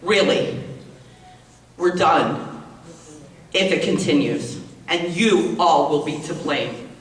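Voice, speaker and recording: A woman's voice: low-pitched, slow pace. A woman in her forties from the United States gives an indignant, emotional public comment at a hearing, repeating her points. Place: large public meeting hall. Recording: echoey hall, distant mic, faint noise.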